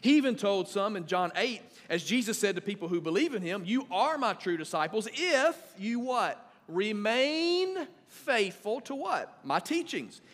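A man in his thirties preaching a sermon as pastor, conversational and animated, swinging between loud and quiet. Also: high-pitched, measured pace, hardly any pauses. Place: church sanctuary. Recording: long reverb of a church hall.

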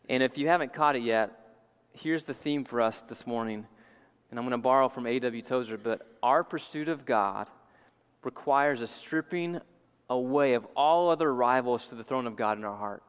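A man's voice: medium pitch, normal speed, fairly bright tone, clean tone. A male pastor preaching a sermon in a church, earnest and emphatic, repeating key phrases for weight. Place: church sanctuary. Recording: long church hall reverb.

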